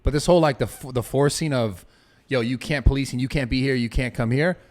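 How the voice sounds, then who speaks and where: A man hosting a casual podcast, telling stories quickly with a lot of swearing. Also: medium pitch. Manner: quick, swearing, animated storytelling. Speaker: podcast host.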